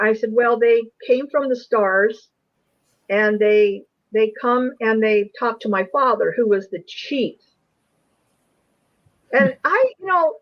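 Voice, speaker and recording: A woman's voice: a little high, muffled recording. A woman guest, an investigator, earnestly telling a personal story on an interview show. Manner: earnest, emotional recounting.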